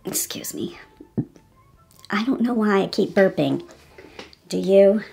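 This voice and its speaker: A woman's voice: medium pitch, lively intonation, slow, creaky, music in the background. A woman in playful vlog outtakes, silly and breaking into bits of song.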